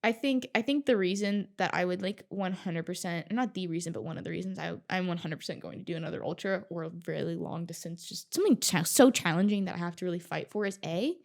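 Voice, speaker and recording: A woman talking as a podcast guest in casual chat, telling her story in an animated way, swearing freely and laughing often. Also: fairly low pitch, fast talker, gravelly, hardly any pauses.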